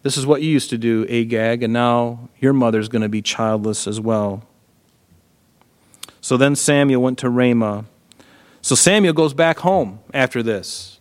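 A man's voice: medium pitch, a little slow. A man teaching through a Bible passage in a casual, earnest way, often checking in with listeners. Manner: earnest, frequent "right?" asides and restarts.

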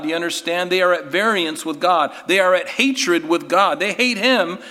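A man's voice: fairly high pitch, bright, forceful tone. A man preaching a sermon, earnest and emphatic, asking rhetorical questions and restarting his words as he goes. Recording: long reverb of a hall.

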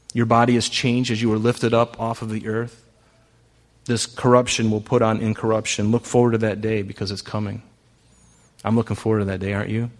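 Frequently turning to the congregation with rhetorical questions, a male pastor preaches in a conversational manner, using a medium-pitched voice.

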